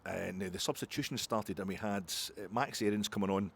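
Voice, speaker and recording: A middle-aged Scottish man hosting a fan's post-match reaction, rambling excitably between muttered asides and loud outbursts. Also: on the low side, fairly quick, vocal fry, breathy edge. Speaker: football podcast host.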